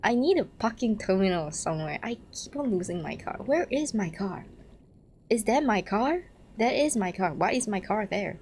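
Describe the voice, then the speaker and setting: A young woman streaming a game, chatting casually, excitable, swearing and laughing at her own mistakes. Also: mid-range voice, moderate pace, a little hiss or hum.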